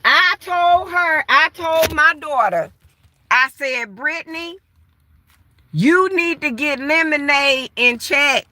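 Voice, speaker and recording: High-voiced older woman, blunt and profane. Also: slow. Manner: animated, blunt and profane, addresses listeners as y'all. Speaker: host. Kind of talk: casual storytelling chat.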